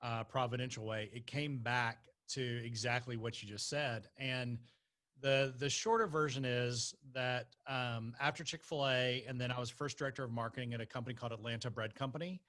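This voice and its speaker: A man from North Carolina, a podcast guest, telling his story in an animated way and laughing as he talks. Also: mid-range voice, normal speed. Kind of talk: conversational storytelling.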